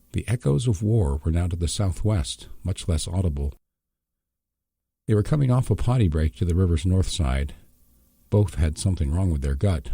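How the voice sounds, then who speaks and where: Deep-voiced man, measured audiobook reader, dark husky tone. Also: no echo, studio quality. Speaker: audiobook narrator. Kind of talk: scripted narration.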